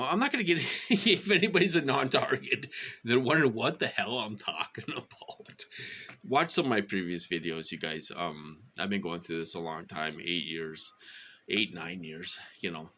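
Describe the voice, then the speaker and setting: A man rambling casually to his viewers, full of fillers and repeated phrases, his voice jumping high when he acts out what others said. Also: pushed and bright. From Minnesota. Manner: rambling, with many fillers and repetitions. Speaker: vlogger. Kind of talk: casual monologue to camera.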